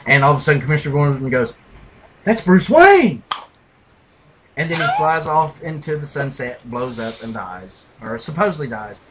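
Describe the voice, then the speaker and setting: A man co-hosting a casual podcast, retelling and mocking movie scenes with animated delivery and loud impressions. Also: mid-range voice, slight background noise, poor audio. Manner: animated storyteller, mimics lines in a loud gravelly shout. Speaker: podcast co-host. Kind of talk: casual movie review chat.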